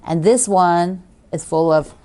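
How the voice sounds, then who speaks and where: A woman's voice: fairly low pitch, takes it slowly, dark tone, smooth. A woman hosting a quilting video, chatting casually and gushing as she opens fan mail, laughing often. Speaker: quilting show host.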